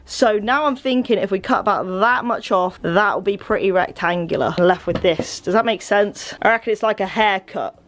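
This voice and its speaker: A woman's voice: moderate pace, few pauses, slight background noise. Chatty young English woman vlogger. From England. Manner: chatty, self-deprecating, jumps into high excited tones. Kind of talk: casual vlog chat.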